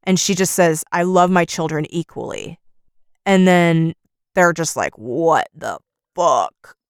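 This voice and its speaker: A woman's voice: on the low side, fairly even intonation, a little slow, clear, resonant tone, dry recording, clean studio sound. A woman co-hosting a podcast, retelling a story in casual chat and acting out each character's lines. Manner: retells scenes by acting out quotes with "he's like". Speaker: podcast co-host.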